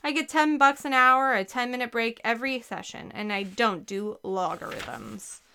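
A woman's voice: fairly high pitch, moderate pace, sharp tone, slight background noise. A woman voicing an easygoing teenage boy tutor who talks casually. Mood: breezy. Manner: casual, breezy.

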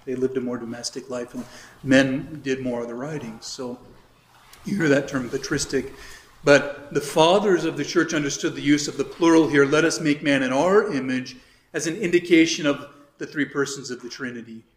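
A man's voice: medium pitch, normal speed. A man, a priest, giving an informal catechism class, explaining in a chatty way with asides and reading scripture aloud. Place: church hall or classroom. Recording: echoey room.

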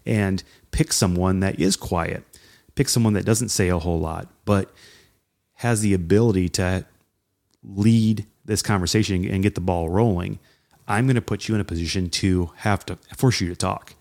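A man co-hosting a casual talk on leadership, animated and often acting out what people say. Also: low voice, moderate pace, creaky. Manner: animated, acts out quoted voices. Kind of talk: casual conversation about leadership.

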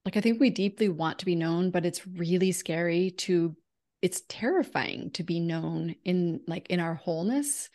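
Reflective woman with a lowish voice. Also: moderate pace, darkish tone. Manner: reflective, searching for words. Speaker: podcast guest. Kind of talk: conversational podcast chat.

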